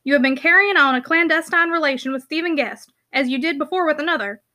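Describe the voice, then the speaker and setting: A woman reading the lines of a stern, unforgiving young man in an audiobook, with a harsh, accusing delivery in her own high, bright voice. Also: fast talker. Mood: cold accusing. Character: stern older brother, cold and unforgiving.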